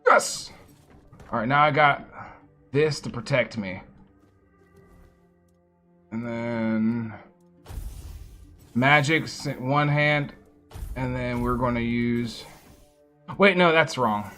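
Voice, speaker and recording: A man streaming a fantasy role-playing game, commenting casually and excitably and swearing freely as he reacts to the game. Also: mid-range voice, slow, long pauses, faint music behind. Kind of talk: live gameplay commentary.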